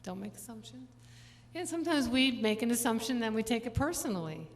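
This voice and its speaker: An older woman musician chatting with her audience between songs at a concert, rambling through anecdotes with quick laughs. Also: a little high, lively intonation. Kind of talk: stage banter between songs. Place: large church venue. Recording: live concert hall with long reverb and instrument.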